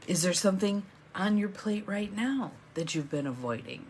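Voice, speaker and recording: A woman's voice: medium pitch, lively intonation, moderate pace, a little mellow, slight background noise. A middle-aged woman hosting a live morning coaching stream, chatty and encouraging, greeting viewers by name as they join.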